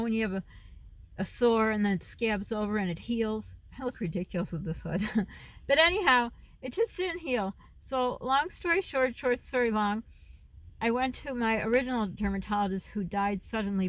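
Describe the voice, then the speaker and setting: A woman's voice: fairly high pitch, expressive, moderate pace, no room sound. A middle-aged woman chatting to her phone camera, rambling and losing her thread, laughing often as she talks. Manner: rambling, loses her thread and veers off topic. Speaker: vlogger and mom. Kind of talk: casual chat to camera.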